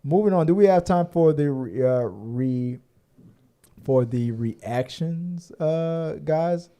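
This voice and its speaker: A man's voice: fairly high pitch, lively intonation, slow, warm tone. A man co-hosting a podcast in loose, rambling casual chat, joking and swearing freely. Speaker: podcast co-host.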